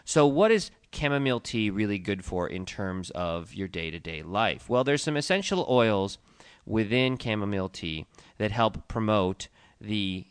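Man, podcast co-host, low voice, smooth and resonant, explanatory, close dry sound. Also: no echo. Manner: explanatory, lists facts steadily. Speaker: podcast co-host, tea shop owner. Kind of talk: casual informational chat.

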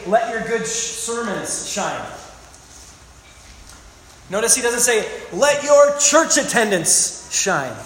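A man's voice: high voice, a bit bright. A man preaching a sermon, emphatic, repeating phrases and asking the congregation questions. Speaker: pastor. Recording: very echoey hall, faint room noise.

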